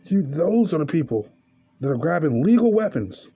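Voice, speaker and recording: A man's voice: a little high, big pitch swings, moderate pace, warm tone, slightly rough, highs cut off. A man hosting a podcast, telling a story in a casual, profane monologue. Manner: profane, storytelling, rising to angry rant. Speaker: podcast host.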